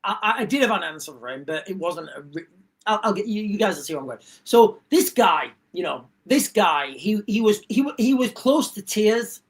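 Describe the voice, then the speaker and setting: This English livestream host speaks animatedly at normal speed in a voice that sits high. He rants in a loose, rambling way, circling back to repeat points and breaking off sentences partway.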